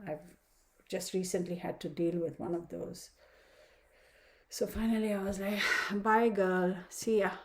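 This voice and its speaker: A woman's voice: lowish voice, measured pace, long pauses. A woman giving a casual weekly astrology reading, talking frankly and chattily and slipping into little mock conversations.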